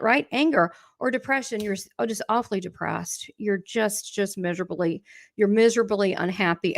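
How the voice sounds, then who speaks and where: A woman's voice: medium pitch, dry recording, clean studio sound. A middle-aged woman hosting a casual livestream. She is chatty, laughs often and talks straight to her viewers while reading their comments. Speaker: livestream host and spiritual coach.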